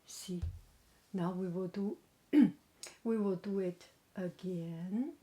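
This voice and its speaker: A woman casually demoing a new microphone, drifting between quiet speech and whispers. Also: on the low side, takes it slowly. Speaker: vlogger unboxing and testing a microphone. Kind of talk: casual demo with soft whispering. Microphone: testing a new desktop microphone.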